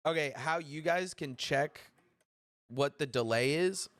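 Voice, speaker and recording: A man's voice: on the high side, measured pace, a bit bright, dry recording. A man hosting a casual livestream, rambling to chat while sorting out stream lag. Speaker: livestream host.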